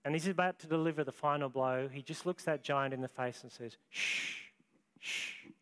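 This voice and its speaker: A man, preaching a sermon as pastor, with dramatic, deliberate storytelling and long pauses. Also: on the high side, smooth.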